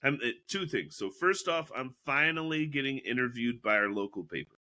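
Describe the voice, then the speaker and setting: A man's voice: mid-range voice, fairly quick. A man guest on a casual podcast, telling stories with lots of swearing, acting out quotes and laughing as he talks. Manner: animated, profane storyteller acting out quotes; laughs often mid-sentence.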